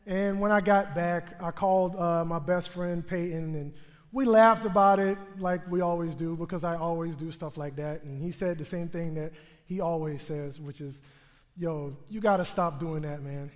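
High-voiced man telling a funny story. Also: moderate pace. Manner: humorous, self-mocking, animated delivery. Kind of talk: live stage storytelling. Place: theater stage before a live audience. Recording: long theater hall reverb.

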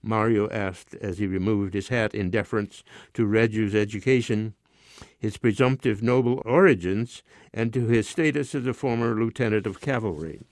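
A man reading a short story aloud in a measured, even narration. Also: on the low side, no echo, clean studio sound. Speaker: story reader. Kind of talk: scripted narration.

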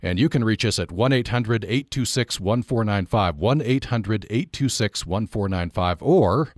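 A man's voice: on the low side, expressive, normal speed, dry recording, clean studio sound. A male radio host leading an interview and call-in show, conversational and wry.

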